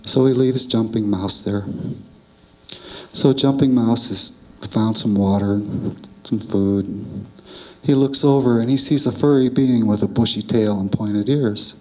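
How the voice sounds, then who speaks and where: A man telling a traditional animal tale aloud, calm and measured, with a repetitive cadence. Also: fairly low pitch, low-quality recording. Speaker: storyteller. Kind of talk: oral storytelling of a traditional tale.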